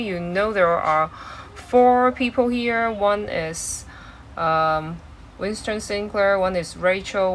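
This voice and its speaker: A woman's voice: mid-range voice, fairly bright tone, a little hiss or hum, low-quality recording. A woman teaching an exam-prep English lesson, explaining step by step with many fillers and restarts.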